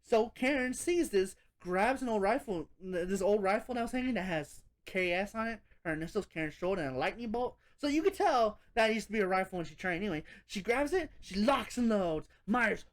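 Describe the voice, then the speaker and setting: A woman giving a casual spoken horror movie review, animated and rambling, swearing often and laughing as she goes. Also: mid-range voice, brisk, few pauses.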